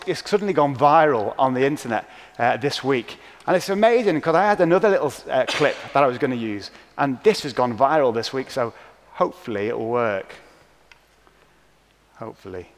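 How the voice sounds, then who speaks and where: A man preaching a sermon in a church, relaxed and conversational, often ending his points with tag questions. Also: mid-range voice, moderate pace. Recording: church hall reverb.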